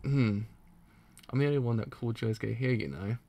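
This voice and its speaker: A man streaming a live reaction as he reads a manga, excitable and given to loud outbursts. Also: medium pitch, brisk, creaky. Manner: excitable, bursts into loud outcries.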